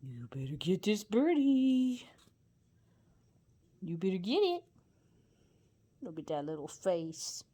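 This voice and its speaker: A woman's voice: on the low side, big pitch swings, takes it slowly, long pauses, warm tone. A woman talking to her pet bird in affectionate baby talk, often laughing and slipping into whispers. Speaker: pet owner.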